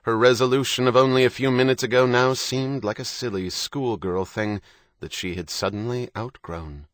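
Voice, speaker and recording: Here a man narrates a novel for an audiobook, reading the scripted text in an even, steady manner at normal speed. He has a mid-range voice, and the clean studio recording has no room sound.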